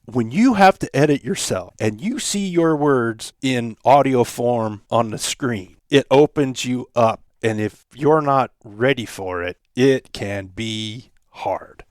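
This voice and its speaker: A man's voice: medium pitch, takes it slowly, hardly any pauses, dry recording, clean studio sound. A middle-aged man hosting his own podcast, talking through lessons in a reflective, conversational way. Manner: reflective, conversational, acts out quoted examples. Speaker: podcast host. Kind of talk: solo podcast monologue.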